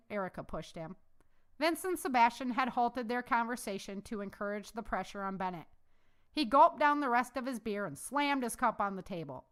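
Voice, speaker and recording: Expressive woman reading her novel aloud. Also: medium pitch, brisk. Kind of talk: audiobook narration.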